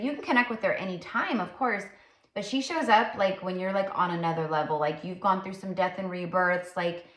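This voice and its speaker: A woman psychic tarot reader talking casually while channeling, rambling and full of fillers. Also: mid-range voice. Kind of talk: casual spiritual channeling talk. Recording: roomy echo.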